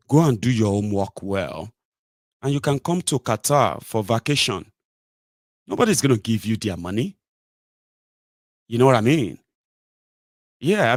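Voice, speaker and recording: A man's voice: on the low side, dry recording, clean studio sound. A man with a Nigerian accent hosting a sarcastic, opinionated political monologue. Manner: sarcastic, mocking, rhetorical. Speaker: political commentary host.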